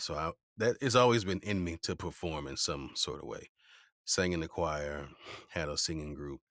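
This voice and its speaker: Very deep voiced guy telling stories, animated, dry close sound. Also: no room sound. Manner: animated storyteller who slips into playful voices for quotes. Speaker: voice actor guest. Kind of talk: relaxed interview storytelling.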